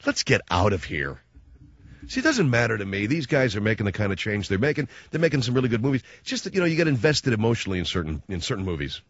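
A man hosting a show, delivering a sarcastic comic rant that swings between loud mocking outbursts and low muttered asides. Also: big pitch swings, racing, few pauses, no room sound, muffled recording.

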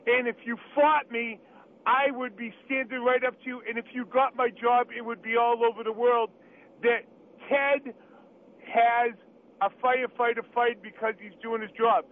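A man's voice: very high voice, flat delivery, normal speed. A man with a Boston accent calling in to a radio show, firm and insistent about being heard. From Boston, USA. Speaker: caller, firefighter. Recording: phone call line with faint hiss.

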